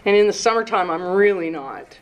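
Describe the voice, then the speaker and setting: A woman in her sixties sharing her recovery story at a meeting, nervous and emotional, halting and starting over, with the odd curse. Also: medium pitch, expressive, slight background noise, rough recording. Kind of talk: personal recovery share.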